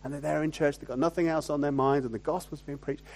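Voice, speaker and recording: A male pastor delivers a sermon in a fairly high-pitched, conversational voice. He keeps asking rhetorical tag questions of his listeners. He moves between loud emphasis and quiet, lowered asides. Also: steady tone, fast talker, few pauses.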